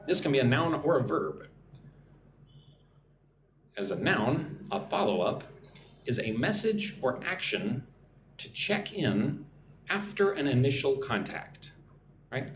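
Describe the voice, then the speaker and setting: A man's voice: medium pitch, very animated, slow, long pauses, roomy sound, a little hiss or hum. A man teaching English vocabulary on a live stream. He explains patiently, breaks words into syllables and often checks in with "right?".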